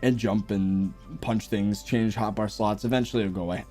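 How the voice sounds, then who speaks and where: A man's voice: lowish voice, moderate pace, faint music behind. A young American man chatting casually on a live stream, answering viewer messages with frequent chuckles. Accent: General American. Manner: laid-back, chuckles often, lively up-and-down delivery.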